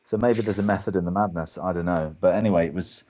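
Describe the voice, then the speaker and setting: An English man, a guest actor, telling lively anecdotes on a video call and acting out the other people in his stories. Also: low-pitched, fast, dull audio. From England. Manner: animated anecdotes, acts out other people's lines. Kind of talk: storytelling in a webcast Q&A.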